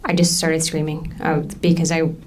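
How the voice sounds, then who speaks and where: A woman in her thirties testifying in a courtroom, halting and full of ums as she recounts what happened. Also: low-pitched, little pitch movement, a crowd in the background. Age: 30s. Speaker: trial witness.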